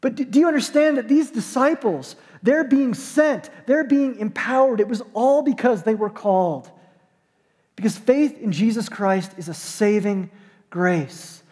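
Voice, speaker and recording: A man's voice: very high-pitched, unhurried, a little mellow, long reverb tail. A man preaching a sermon as pastor, conversational and emphatic, with dry self-deprecating jokes.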